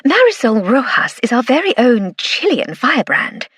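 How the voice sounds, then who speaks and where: A woman's voice: a little high, very animated, moderate pace, fairly bright tone, breathy edge, dry recording, studio quality, pitched above the performer's own voice, exaggerated voice. A woman voicing a cheerful, effusive upper-class Edwardian lady in an audiobook. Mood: gushing. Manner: gushing, theatrical emphasis.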